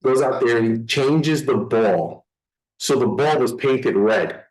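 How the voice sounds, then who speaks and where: A man hosting a casual podcast conversation, an animated storyteller telling umpire stories. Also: slow, rough recording. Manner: animated storyteller, voices get higher when quoting people. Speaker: podcast host.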